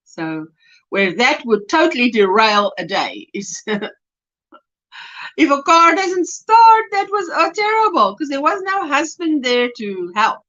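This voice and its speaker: A woman from South Africa hosting a casual crochet livestream, chatting warmly and laughing often as she reads out viewer comments. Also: high voice, big pitch swings, takes it slowly, lo-fi sound. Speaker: livestream host.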